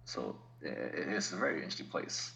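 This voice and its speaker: A man's voice: fast talker, bright, forceful tone, a little hiss or hum, low-quality recording. A man talking as a podcast guest in casual chat, explaining things patiently with laughs and asides.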